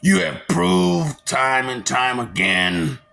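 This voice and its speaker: A woman's voice: rumbling low, slow pace, gravelly, a bit bright. A woman delivering a confrontational monologue in a taunting, mocking, preachy way.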